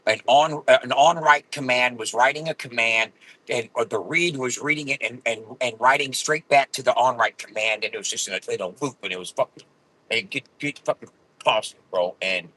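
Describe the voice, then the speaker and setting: A man ranting angrily with constant swearing and loud outbursts while driving in his car. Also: mid-range voice, normal speed, breathy edge, poor audio. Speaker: vlogger. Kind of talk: profane ranting vlog.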